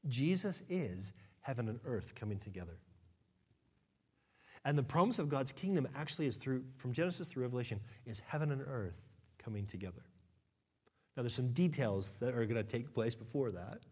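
A man preaching a sermon as a pastor, acting out a crowd's chant and then dropping to a quieter, explaining tone. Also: medium pitch, lively intonation, normal speed, husky.

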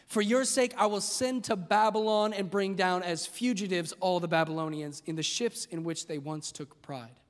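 High-voiced pastor, animated sermon. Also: male voice, normal speed, few pauses. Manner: animated preaching with humor, rising to emphatic shouts. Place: large church hall. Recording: long hall reverb.

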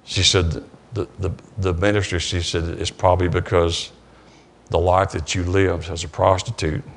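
A man's deep, level voice with vocal fry carries a Southern US accent as he preaches in a church sanctuary. He is a pastor telling a story, stopping and restarting, repeating words, and relaying dialogue.

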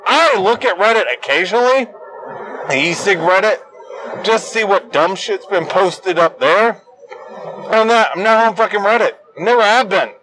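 Young adult male host, high-pitched, swearing, combative rant, bursts into yelling. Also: slight background noise, rough recording. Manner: profane, combative and ranting. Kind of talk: angry solo rant.

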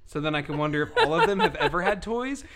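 A man with a slightly high voice reads product reviews aloud on a casual comedy podcast. He gives them mock emphasis and keeps breaking into giggles between lines. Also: wildly swooping pitch, fast talker, a bit bright, slight background noise. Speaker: podcast co-host reading reviews.

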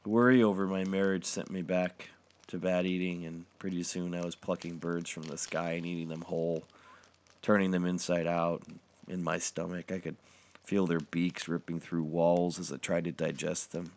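A man reading a dark comic story in the first person, with a deadpan delivery. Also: deep voice, normal speed.

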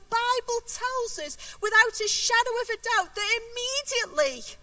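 High bright-voiced woman preaching. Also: normal speed, no echo, recorded from a distance. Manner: earnest, emphatic, repeats key words. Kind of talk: sermon with scripture reading.

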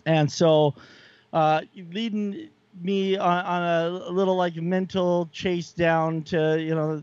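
Chatty excited guy, a bit high voice, dry dull recording, lots of ums. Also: no echo. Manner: enthusiastic, rambling with fillers. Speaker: podcast co-host. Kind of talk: casual chat.

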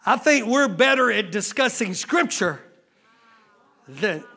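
A male pastor preaching a sermon, moving between quiet storytelling and shouted exhortation, with folksy grammar and questions to the congregation. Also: lively intonation, takes it slowly, husky. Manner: builds from low retelling to shouted exhortation.

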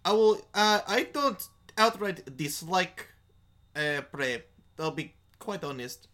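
A man playing in a tabletop game, with a blunt, dry, deadpan way of talking. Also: sits high, slow pace. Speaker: player.

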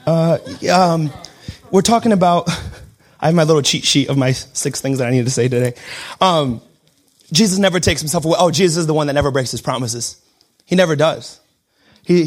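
A young adult man preaching a sermon, switching between shouted declarations and quiet, joking asides. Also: a little high. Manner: self-deprecating humor. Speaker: pastor.

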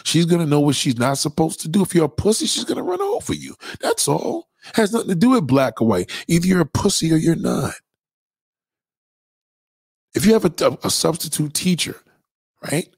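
A man's voice: fairly high pitch, expressive, a little fast, pauses often, a little mellow, breathy edge, dry recording, clean studio sound. A man hosting a blunt, profane ranting monologue to his viewers. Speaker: host.

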